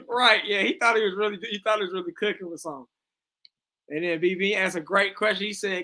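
Guy with a high voice riffing and cracking jokes on a reaction stream. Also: a little fast, gravelly. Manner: animated, joking, laughs often. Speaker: stream commentator. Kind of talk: reaction commentary.

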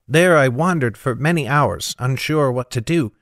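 A man's voice: medium pitch, fairly bright tone, no echo, clean studio sound, lightly acted. A man reading an audiobook, voicing an anxious, proud young noblewoman in a raised voice. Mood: recounting. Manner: anxious, proud, quick to snap. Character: frightened young noblewoman on the run.

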